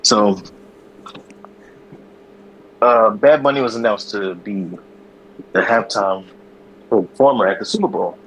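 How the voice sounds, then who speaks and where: Podcast co-host, male, lower voice, animated and profane, slangy storyteller. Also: slow, long pauses, slight background noise, low-quality recording. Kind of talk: casual chat.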